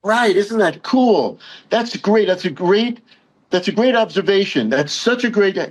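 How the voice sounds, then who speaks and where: Halting, agreeable male guest from Long Island. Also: high-pitched, expressive, poor audio. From Long Island, New York. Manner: halting, many fillers and restarts, warmly agreeable. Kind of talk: casual interview chat.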